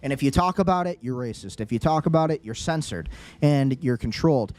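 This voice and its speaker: A man's voice: mid-range voice, animated, brisk, a little mellow. A man hosting a live political commentary stream, heated and rambling, repeating his points. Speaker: livestream host and commentator.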